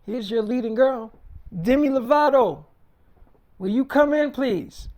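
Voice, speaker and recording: A man's voice: extremely high pitch, unhurried, darkish tone. A man playing a confident male film producer who talks bluntly and brashly, swearing, in an improvised freestyle role-play. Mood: pitching.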